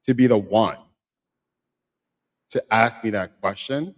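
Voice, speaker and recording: A man in his thirties, a podcast co-host, telling a personal story in casual conversation, emphatic and animated, repeating phrases for effect. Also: on the low side, slow pace.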